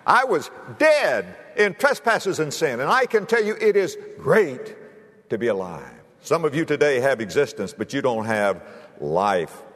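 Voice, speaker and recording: A preacher delivers a storytelling sermon, his pitch rising and falling in lively swings as he acts out the voices. He jumps from loud calls down to near-whispers. His voice carries with a long hall reverb around it. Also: a little slow. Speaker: pastor.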